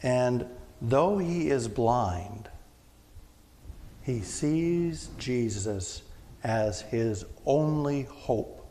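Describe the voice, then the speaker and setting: Lutheran pastor preaching in an echoing church. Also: male voice, medium pitch, lively intonation, very slow. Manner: conversational preaching, acts out shouted quotes. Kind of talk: sermon. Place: church sanctuary. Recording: long church reverb, faint room noise.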